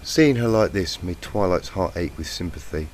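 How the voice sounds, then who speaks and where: This fanfic reader is croaky from a cold, his low voice moving at a moderate pace with lively intonation while the reading itself stays plain and only lightly emotive. The cheap home mic is faulty and gives a noisy, lo-fi sound.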